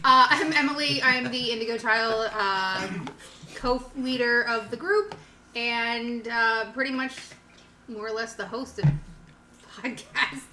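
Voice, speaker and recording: A woman's voice: fairly high pitch, slow, pushed and bright. A woman hosting a casual podcast, chatty and laughing often. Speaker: podcast host. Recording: echoey room, faint noise.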